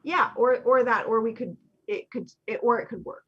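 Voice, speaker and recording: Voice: medium pitch, normal speed, breathy edge, lo-fi sound. A player in a comedic tabletop game, rambling and trailing off. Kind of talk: comedic tabletop role-play.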